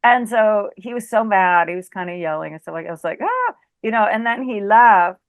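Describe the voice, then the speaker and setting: A woman's voice: medium pitch, a little fast, clear, resonant tone, no room sound. Woman, middle-aged, chatty interview guest, casual storytelling, filler-heavy, dry close sound. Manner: chatty, lots of fillers like "like" and "you know"; acts out quoted lines in her telling.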